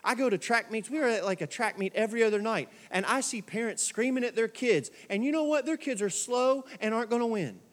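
A pastor preaching a sermon in a church, moving from soft, quiet asides to shouted exhortations. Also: male voice, very high voice, fairly quick, hardly any pauses, long reverb tail. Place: church sanctuary.

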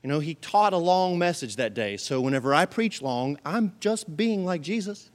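High-voiced pastor telling stories. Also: male voice, normal speed. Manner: humorous, animated storytelling. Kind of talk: sermon.

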